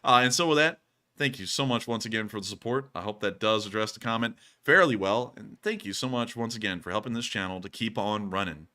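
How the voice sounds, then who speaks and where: A man's voice: fairly low pitch, brisk, bright, forceful tone. A man hosting a livestream of war news commentary, exhausted and rambling with many fillers. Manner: rambling, frequent fillers and thank-yous. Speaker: livestream host.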